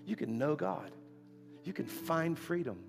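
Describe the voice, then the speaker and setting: In an echoey church sanctuary with faint music behind him, a guest preacher delivers a storytelling sermon. His voice is a little high and creaky, unhurried but lively in intonation, and he peppers his stories with rhetorical questions and his own laughter.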